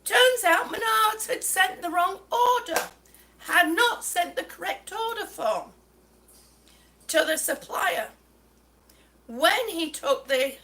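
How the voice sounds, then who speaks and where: A woman's voice: very high-pitched, bright, forceful tone. A woman telling an exasperated story to her viewers, stumbling over her words and short of breath. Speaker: vlogger. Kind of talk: ranting story to camera.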